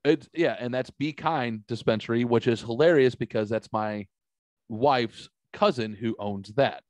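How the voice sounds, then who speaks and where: A man's voice: mid-range voice, measured pace, dry recording. Casual profane st louis guy hosting a podcast, middle-aged, dry sound. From St. Louis area. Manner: profane, animated storyteller. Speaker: podcast host. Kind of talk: casual storytelling chat.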